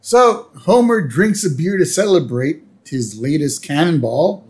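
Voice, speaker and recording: A man's voice: a little high, animated, measured pace. A man co-hosting a podcast, casually narrating plot beats of a cartoon episode. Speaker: podcast co-host.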